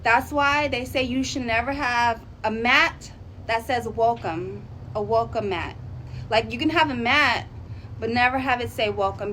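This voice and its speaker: A woman vlogger casually telling a spooky story to her viewers, chatty and animated, often laughing and drawing out her words. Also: fairly high pitch, slight background noise.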